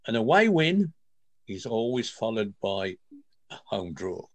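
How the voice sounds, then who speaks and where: An older man from England with a Midlands accent, a regular on a football chat show, talking in a halting, self-deprecating way. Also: fairly low pitch, very animated, no echo. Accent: English Midlands. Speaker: regular pundit. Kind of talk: casual chat.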